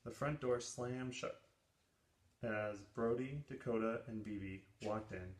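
A man's voice: medium pitch, measured pace. Man reading a children's story aloud. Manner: expressive, lively storytelling. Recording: roomy echo.

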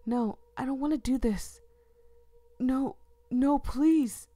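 A woman's voice: high-pitched, slow pace, mellow, no room sound, pitched above the performer's own voice. A woman voicing a terrified visual novel protagonist who cries and pleads in panic. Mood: panicked.

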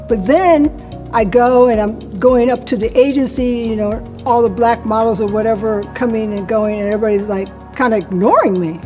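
A woman in her sixties telling her own career story to camera, lively and acting out the people in it. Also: fairly high pitch, a little fast, soft background music. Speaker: interviewee recounting her career.

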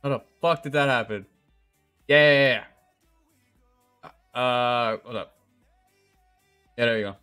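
A man's voice: medium pitch, takes it slowly, long pauses, bright, forceful tone, smooth, faint music behind. A young man live-streaming a game, chatting casually with viewers, swearing often, rambling and laughing.

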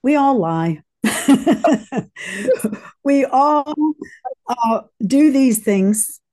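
A woman cohost in a casual faith conversation, speaking very slowly and deliberately. Her voice sits a little high yet sounds mellow, and she breaks into short laughs. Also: animated. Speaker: cohost, hairdresser.

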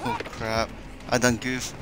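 A man streaming a horror game with live commentary, excitable, swearing and yelling in panic. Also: medium pitch, measured pace, music in the background. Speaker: gameplay streamer.

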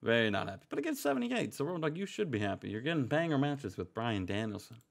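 A young man with a gravelly, creaky voice narrating game results in a joking, offhand way. He rolls through names and scores with casual banter, pitched squarely in the middle. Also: big pitch swings, quick pace. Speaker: game co-host. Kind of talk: let's-play commentary.

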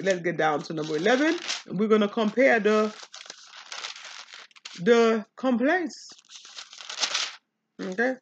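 A woman pastor with a somewhat high voice reads a Bible chapter aloud and explains it, answering back to the text in an animated preaching style. The recording is muffled.

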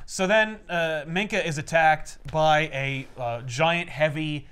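Smooth-voiced man recapping a comic. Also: fairly high pitch, slow pace, a bit bright. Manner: rambling, filler-heavy summary with wry asides. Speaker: podcast co-host recapping a comic. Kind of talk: casual comic book recap.

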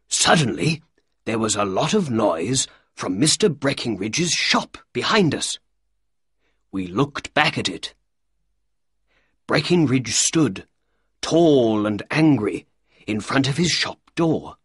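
A man narrating a storybook for learners in a slow, clear way. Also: medium pitch, sing-song, fairly bright tone, dry recording, studio quality.

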